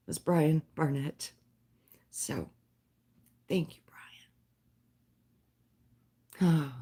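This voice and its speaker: A woman talks to her live-stream viewers at a slow, unhurried pace. Her delivery is soft, dreamy and spiritual. Her voice trembles with emotion now and then. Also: lowish voice. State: voice shaking with emotion. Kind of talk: slow heartfelt live-stream talk and poem reading.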